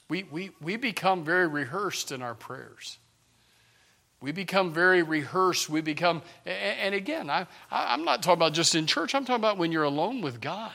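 A man preaching a sermon as a pastor, impassioned, swinging from near-shouting down to hushed whispers. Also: a little high, animated, normal speed, creaky.

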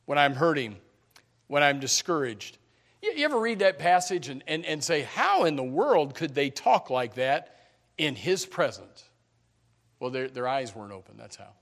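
Animated preaching man, bright voice. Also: fairly high pitch. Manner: animated, emphatic preaching with sudden loud peaks; repeats words when starting sentences. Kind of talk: sermon.

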